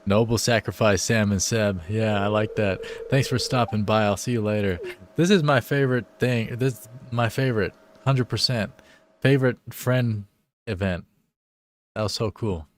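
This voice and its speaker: A man streaming a game live, reading the dialogue aloud and chatting in a playful, excitable way. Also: fairly low pitch, normal speed, a little hiss or hum.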